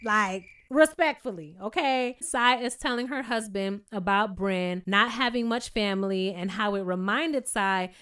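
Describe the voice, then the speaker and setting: A woman, giving a chatty, animated recap of a reality show in a casual commentary style. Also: mid-range voice, unhurried, few pauses, clear, resonant tone. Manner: chatty and animated, quoting cast members in playful voices.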